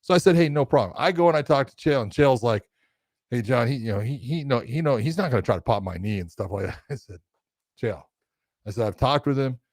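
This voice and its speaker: A man casually telling a story as a podcast co-host, animated and acting out quotes with laughter. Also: medium pitch, brisk, no echo.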